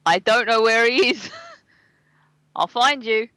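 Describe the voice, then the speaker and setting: A woman's voice: a little high, slow, fairly bright tone, dry recording. A woman from South East London with that accent, co-hosting an internet radio show, giggly and teasing. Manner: giggly, self-conscious, teasing. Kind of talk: casual internet radio chat.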